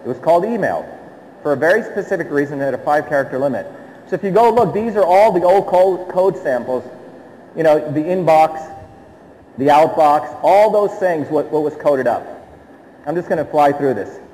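A man's voice: fairly high pitch, expressive, normal speed, warm tone. A middle-aged man from India giving a public talk, emphatic, who keeps checking in with the audience through rhetorical questions. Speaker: speaker addressing an audience. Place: hall with an audience. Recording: long hall reverb.

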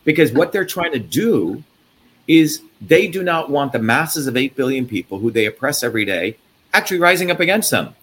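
A man's voice: medium pitch, very animated, normal speed, fairly bright tone. A man from India rants in a heated, profane torrent, hammering each point with emphasis. A faint hiss of background noise sits under his voice. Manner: profane, angry, emphatic ranting. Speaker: host. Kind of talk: heated interview talk.

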